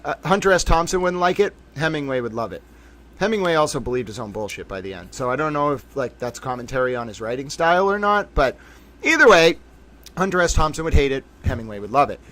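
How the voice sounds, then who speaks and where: A man with a fairly high voice talks fast during a casual livestream about court cases. He rambles animatedly, swears freely, and breaks into sudden bursts of excitement.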